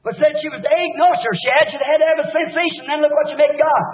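High-voiced fiery preacher, tinny echoey tape. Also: male voice, steady tone, fast. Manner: fervent, swings between shouting and hushed lows. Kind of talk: impassioned revival sermon.

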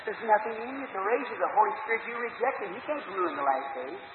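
A man's voice: sits high, very animated, quick pace, recorded from a distance. A man preaching a fervent revival sermon and altar call, pleading with his congregation. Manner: fervent, rising to pleading cries. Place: church hall. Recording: roomy hall from afar, phone-like lo-fi, noisy.

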